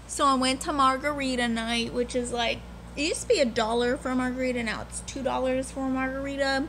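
A woman's voice: high-pitched, fairly even intonation, a little fast, fairly bright tone, slight background noise. A young woman in her twenties chatting candidly and rambling as a book vlogger. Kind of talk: casual vlog chat.

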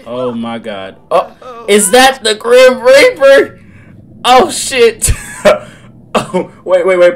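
A young man reacting to a game as he plays, excitable and full of slang. His pitch swings widely, and he breaks into loud outbursts between slower stretches. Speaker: gaming creator. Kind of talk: live game commentary.

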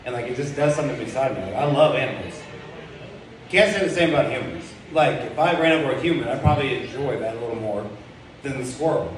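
A young man does a rambling, crude stand-up set on a comedy club stage, full of fillers and self-deprecating asides. His mid-range voice is quick with lively intonation. The very echoey club room is heard from far off, with background noise.

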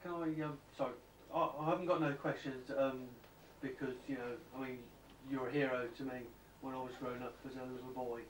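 A man asks his question haltingly, full of nervous pauses and restarts. He sounds far from the mic in an echoey room, with faint hiss in the background. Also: medium pitch, little pitch movement. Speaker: fan asking a question. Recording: distant, echoey amateur recording.

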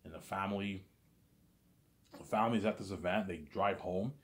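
Deep-voiced man telling a rambling story. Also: normal speed. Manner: rambling, full of restarts and repeated stock phrases.

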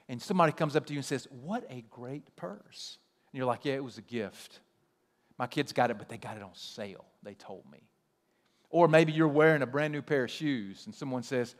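A male pastor giving a conversational sermon, telling stories with a joking, animated manner in a church sanctuary. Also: medium pitch, in a large hall. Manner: conversational, animated storytelling with self-deprecating humor.

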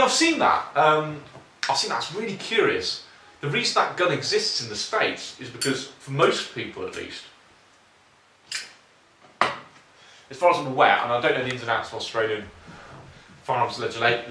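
A man's voice: mid-range voice, animated, normal speed, pauses often, pushed and bright, distant mic. A British man casually answering viewer questions on his shooting channel, rambling with lots of ums and informal asides. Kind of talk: casual Q&A chat. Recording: roomy, off-mic, faint hiss.

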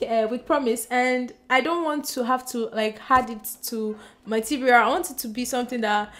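A woman chatting excitedly to her camera as a book vlogger, bubbly and giggly, gushing as she goes. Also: fairly high pitch, moderate pace, hardly any pauses. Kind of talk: excited casual vlog chat. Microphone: compact camera mic.

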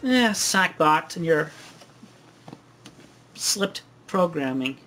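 Woman commentator, loose offhand delivery, lively pitch, soft music bed. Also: extremely slow. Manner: rambling, offhand, sighing asides. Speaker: commentator on own old video. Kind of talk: casual commentary.

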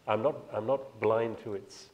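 A man with a plummy British accent speaking on a panel, measured and self-deprecating, with a lot of hesitation. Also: fairly low pitch, steady tone. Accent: British, Cambridge-educated. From Ireland. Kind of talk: panel discussion.

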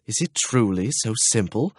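A man's voice: fairly low pitch, animated, moderate pace, husky, dry recording, clean studio sound. A man voicing a hopeful, eager young man in an audiobook, speaking with reassuring energy.

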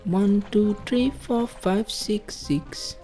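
A woman gamer giving excitable let's play commentary, swearing a lot, shrieking at surprises and talking to the enemies on screen. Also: medium pitch, drawn-out words, faint music behind.

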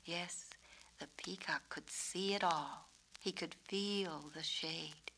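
Bright-toned woman reading a storybook. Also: lowish voice, fairly even intonation, slight background noise, rough recording. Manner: clear, measured, descriptive. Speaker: author and narrator. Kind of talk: storybook narration.

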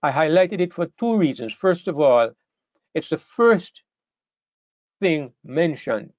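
A male preacher delivering a sermon in an emphatic, repetitive manner, his voice sitting a little high for a man. The sound is dry and close, with a somewhat dull, muffled tone. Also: animated, slow, no echo. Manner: emphatic, repeats words and restarts phrases.

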